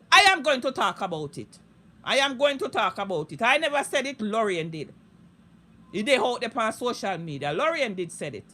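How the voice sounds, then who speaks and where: Jamaican woman with a high, piercing voice, ranting live in thick Patois, heated and foul-mouthed. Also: a bit bright. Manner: heated, profane, repetitive ranting. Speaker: social media live streamer. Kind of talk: unscripted live-stream rant.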